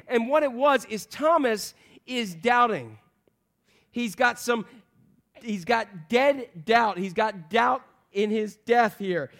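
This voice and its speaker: A man preaching a sermon to a congregation in an animated, joking way, acting out voices of the people in the story. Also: extremely high pitch. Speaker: pastor.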